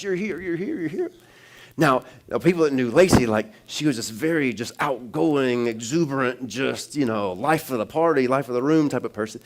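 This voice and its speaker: A man preaching in a church, telling a personal story in a relaxed, conversational way with restarts, then building to loud, emphatic preaching. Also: mid-range voice. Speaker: pastor. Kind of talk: sermon.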